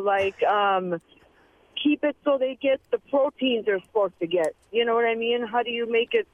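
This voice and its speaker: A woman's voice: on the high side, no room sound. A woman calling in to a radio show and asking her question hesitantly, with many fillers. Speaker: radio caller. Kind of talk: call-in question. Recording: tinny phone line.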